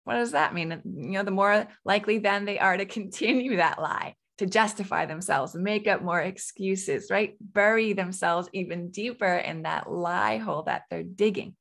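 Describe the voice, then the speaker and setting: A woman's voice: mid-range voice, moderate pace, vocal fry, few pauses, fairly bright tone. A woman in her thirties hosting a parenting podcast, giving advice in a conversational coaching way with frequent "right?" asides. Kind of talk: solo podcast advice talk.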